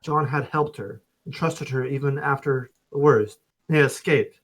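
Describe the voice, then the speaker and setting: Male streamer narrating a story game, casual and jokey, even middle voice. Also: mid-range voice, measured pace, rough recording. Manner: casual, joking asides between narrated lines. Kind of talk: reading a visual novel aloud on stream.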